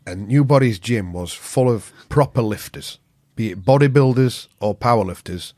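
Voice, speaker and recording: A middle-aged man with a Yorkshire accent, a podcast guest who tells stories in a blunt, profane, animated way. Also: medium pitch, normal speed, no echo, clean studio sound. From England. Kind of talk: casual storytelling chat.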